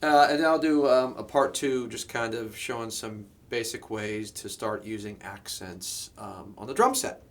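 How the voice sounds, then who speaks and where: A man giving a drum lesson, explaining step by step in a relaxed way, with frequent fillers and "okay?" check-ins. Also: fairly low pitch, moderate pace, hardly any pauses. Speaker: drum teacher. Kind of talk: instructional lesson.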